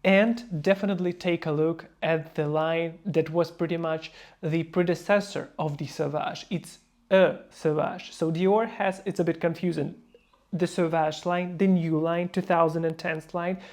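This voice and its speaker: A man speaking non-native English in a casual review vlog, emphatic and playfully mocking, slipping into quick mock voices. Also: a little high, steady tone, a little mellow. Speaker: fragrance reviewer.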